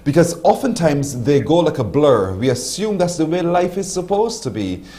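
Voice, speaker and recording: A morning show host interviews a female guest in a TV studio, speaking at a moderate pace with a lively pitch range that rises and falls. He often affirms what she says and sums up her points in reflective, almost preached phrases.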